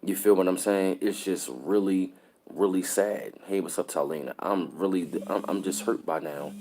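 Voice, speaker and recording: A man's voice: low voice, normal speed, background noise. A man hosting a casual live stream, upset and somber, repeating himself and greeting viewers mid-sentence. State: upset and disturbed.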